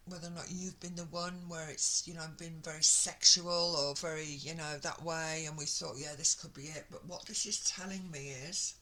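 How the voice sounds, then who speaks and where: A woman giving an excitable, gushing tarot reading, full of exclamations and sighs. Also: on the low side, poor audio. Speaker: tarot reader.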